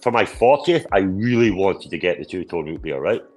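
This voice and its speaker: A man's voice: low-pitched, animated, moderate pace, a little mellow. A man in his forties, a podcast co-host, talking bluntly in casual chat and swearing freely when annoyed.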